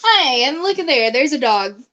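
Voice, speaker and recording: A woman's voice: sits high, big pitch swings, moderate pace, sharp tone, lo-fi sound, slight background noise. A young woman streaming live, chatting casually with her viewers and her dog and laughing often.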